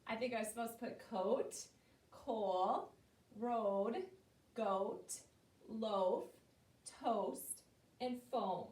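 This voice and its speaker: A woman teaching a phonics lesson to young children, slowly sounding out words in a patient way. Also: on the high side, a little mellow. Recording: echoey room from far off.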